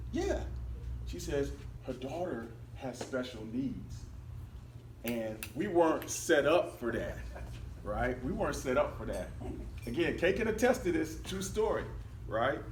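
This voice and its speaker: Man telling an animated story in a roomy hall. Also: on the high side, slight background noise. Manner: animated, breaks into laughter, acts out quotes. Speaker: speaker at a club meeting. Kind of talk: storytelling talk. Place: meeting hall. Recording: roomy, distant mic, faint ambience.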